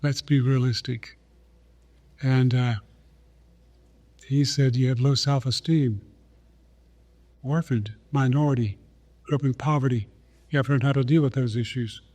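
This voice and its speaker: Older man, 80s, from South Dakota; soft, mellow storyteller, mid-pitched. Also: fairly even intonation. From South Dakota, USA. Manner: unhurried, acts out remembered dialogue. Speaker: guest, retired Olympic runner. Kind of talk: storytelling conversation.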